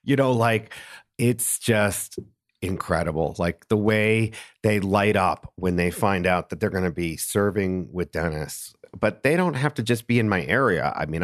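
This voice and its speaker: Brief: man, podcast guest, animated and rambling with fillers, lower pitch, dry close mic. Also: dry recording. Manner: animated, lots of fillers and restarts, laughing storyteller. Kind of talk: casual interview storytelling.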